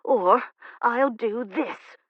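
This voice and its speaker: A woman voicing a spirited young Regency-era woman who speaks crisply and defiantly. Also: fairly high pitch, drawn-out words, no echo, narrow, tinny audio, pitched above the performer's own voice, heavily acted. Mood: icy.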